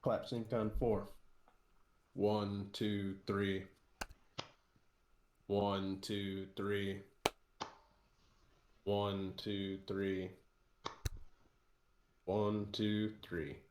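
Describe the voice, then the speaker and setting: Brief: low-voiced male game master, very slow, relaxed narration, roomy echo. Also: background noise.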